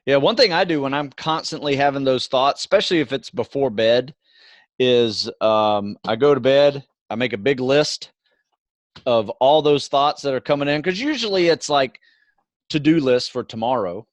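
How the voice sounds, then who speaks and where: Relaxed middle-aged man explaining calmly. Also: medium pitch, moderate pace, no echo. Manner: relaxed, explanatory, says "you know" and "right" often. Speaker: podcast co-host. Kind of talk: casual podcast chat.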